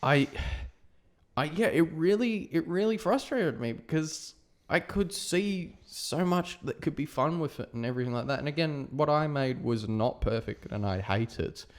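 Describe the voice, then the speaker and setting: A man's voice: fairly high pitch, animated, normal speed. A man co-hosting a film podcast, blunt and self-deprecating, swearing casually. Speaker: podcast co-host. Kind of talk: casual film review chat.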